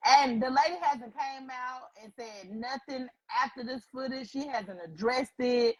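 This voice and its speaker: Woman co-host, fairly high voice, animated and profane, casual chat to viewers. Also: a little slow, poor audio.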